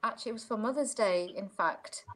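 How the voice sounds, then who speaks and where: A woman's voice: mid-range voice, fairly quick, a bit bright. A woman talking casually on a video call, rambling with many fillers and restarts. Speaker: guest.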